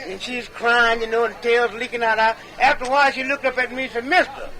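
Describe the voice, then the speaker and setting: A man with a very high, sharp voice spins comic tall tales the way a medicine show comedian would. He drawls in a folksy way and chuckles between punchlines. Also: little pitch movement, fast, low-quality recording. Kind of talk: comic tall-tale storytelling.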